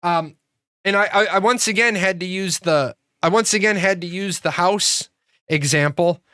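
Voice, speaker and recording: A man's voice: sits high, normal speed, pushed and bright, clean tone, no echo, studio quality. A man hosting a gaming channel, talking casually and at length, swearing freely and acting out bits of dialogue as he tells a story. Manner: profane, rambling, acts out dialogue in storytelling. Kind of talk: casual commentary monologue.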